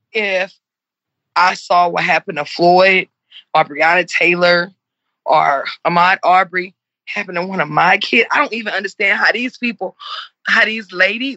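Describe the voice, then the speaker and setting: A woman's voice: fairly low pitch, pushed and bright, dry recording, lo-fi sound. A woman in her forties, speaking earnestly and with passion in an interview and repeating herself for emphasis. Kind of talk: heartfelt conversational interview.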